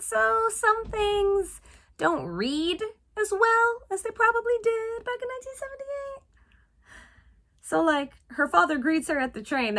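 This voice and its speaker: A woman hosting a casual, playful film review show and chatting in an animated way. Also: mid-range voice. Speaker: host.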